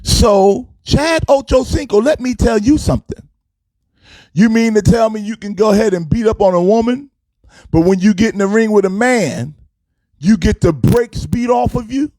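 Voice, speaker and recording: A man's voice: sits high, normal speed, warm tone, no echo. A man hosting a casual sports talk show, fired up and preachy, with a sing-song delivery.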